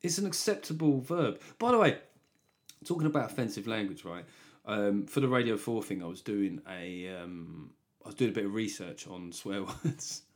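Male comic host, loose rambling monologue, quick asides, chuckles at his own bits. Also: lowish voice, animated. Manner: rambling, jokey asides, laughs at own jokes. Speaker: comedy podcast host. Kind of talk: solo comedy podcast monologue.

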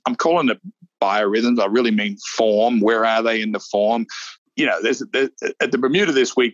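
A man co-hosting a casual golf preview chat, animated and rambling, often restarting his sentences. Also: on the low side, no room sound, lo-fi sound. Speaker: golf show co-host.

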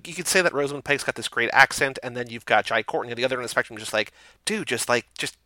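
A man co-hosting a casual movie review chat, rambling with lots of "like" and quick asides. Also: medium pitch, bright, forceful tone. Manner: fast, rambling, heavy use of "like". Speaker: podcast co-host.

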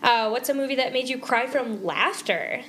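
Expressive young woman with a higher voice. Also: moderate pace, slight background noise. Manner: expressive, exclamatory, swears casually. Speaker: podcast co-host. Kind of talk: casual chat.

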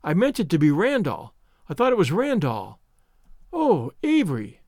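A man's voice: high voice, huge pitch swings, moderate pace, a little mellow, dry recording, clean studio sound, full character voice. A man reading aloud, voicing a young woman who is anxious and remorseful, in a pleading, wailing manner. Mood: distraught.

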